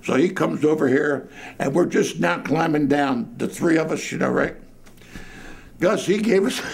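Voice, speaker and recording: A man's voice: fairly high pitch, normal speed, vocal fry. An older man telling a colorful story about his boyhood during an interview, speaking from inside a dim church. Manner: colorful, lively anecdote telling.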